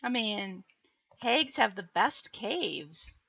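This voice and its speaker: Slow, gravelly Minnesotan woman streamer. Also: mid-range voice, animated, pushed and bright, no echo, dull audio. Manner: playful, teasing, drawn-out delivery. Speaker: streamer reading chat. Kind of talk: casual live-stream chat.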